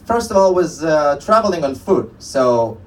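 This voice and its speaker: A man's voice: on the high side, very animated, moderate pace, recorded from a distance, poor audio. A young man doing a stand-up comedy set on a club stage, telling rambling stories with many restarts.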